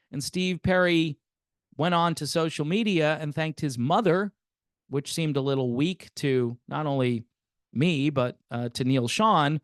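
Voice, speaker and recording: Wry, slightly high-voiced man host. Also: dry recording, clean studio sound. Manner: wry and sarcastic, with theatrical asides. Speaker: host of a music commentary channel. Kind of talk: casual commentary.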